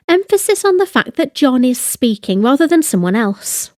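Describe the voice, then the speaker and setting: A woman narrating a scripted language lesson, speaking slowly and carefully with deliberate enunciation. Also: a little high, lively intonation, a little mellow, dry recording, studio quality. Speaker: language teacher.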